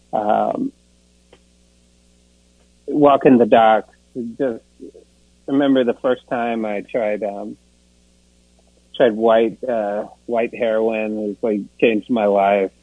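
His voice is mid-range and the recording has no echo, with a dry, tinny phone sound. Speaking at a recovery meeting, the man rambles through his recovery story, laughing at himself and filling silences with "you know" in a self-deprecating way.

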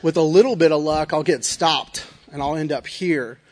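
A man's voice: on the high side, moderate pace. Earnest man sharing his testimony. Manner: earnest, confessional, keeps asking "right?". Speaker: recovery speaker. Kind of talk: personal testimony talk.

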